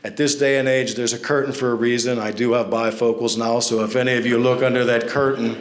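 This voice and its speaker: A man's voice: mid-range voice, flat delivery, fairly quick. A man speaking at a fundraising event, telling anecdotes with self-deprecating humor into a stage microphone. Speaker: NFL referee and guest speaker. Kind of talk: storytelling speech at a fundraiser. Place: large banquet room at an event. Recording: echoey event hall.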